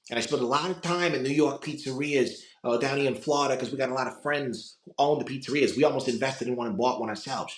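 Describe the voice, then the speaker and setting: A man's voice: mid-range voice, fast talker, few pauses, roomy sound. A man, a voice actor and impressionist, talking casually on a podcast with frequent fillers and restarts. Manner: chatty, many fillers and restarts.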